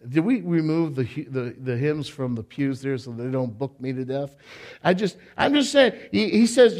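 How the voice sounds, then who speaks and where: A man preaching a sermon to a congregation in church, animated, repeating his words and tossing in joking asides. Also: medium pitch, moderate pace. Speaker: pastor.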